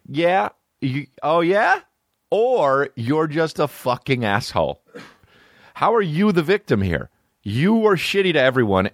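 A man's voice: medium pitch, no echo, studio quality. A man hosting a podcast, talking in a profane, sarcastic, rambling comedic monologue. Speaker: podcast host.

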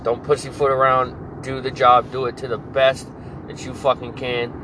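A man in his late twenties vents on his own podcast in a profane, angry rant. He restarts his sentences and circles back to the same complaints. His voice sits at an ordinary pitch, and clear traffic and air-conditioner noise runs behind it. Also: monotone, normal speed. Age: 20s. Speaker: podcast host.

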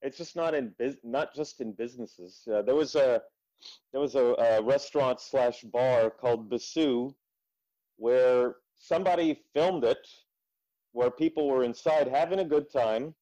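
Podcast guest, male, animated storyteller, dull lo-fi sound. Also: medium pitch, a little slow. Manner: animated storytelling, swears freely. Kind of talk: casual chat. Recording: muffled lo-fi audio.

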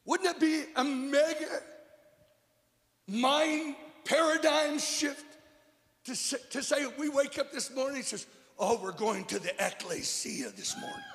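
A high-voiced man delivers a sermon in a church, his words carrying a long hall reverb. He preaches with force, often stumbling over repeated words, then dropping to a near hush. The delivery swings between shouted emphasis and quiet intensity. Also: huge pitch swings, moderate pace. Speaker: guest preacher. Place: church service.

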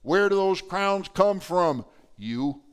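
Middle-aged male pastor for an animated sermon; clear, resonant tone, fairly high, jumps from shouts to whispers. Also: slow. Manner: animated preaching, acts out quotes with sudden loud and soft swings.

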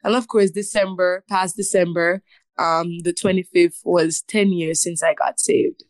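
A woman in her twenties tells her story as an interview guest, earnest and emotional. Her voice sits fairly low. The sound is dry and close, with no room around it. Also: fairly even intonation, measured pace, no room sound. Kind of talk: personal testimony in an interview.

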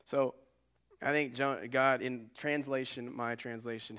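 A male pastor preaching a sermon in an earnest way, moving between loud emphasis and hushed asides. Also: medium pitch, level tone, a little slow, clear, resonant tone.

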